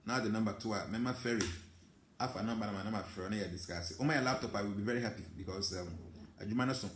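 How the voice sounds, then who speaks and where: A man's voice: medium pitch, echoey room, a little hiss or hum. A Ghanaian man with an accent, a spiritual teacher reading out viewer comments and answering them in an emphatic live talk. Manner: mixes English with Twi, animated and emphatic.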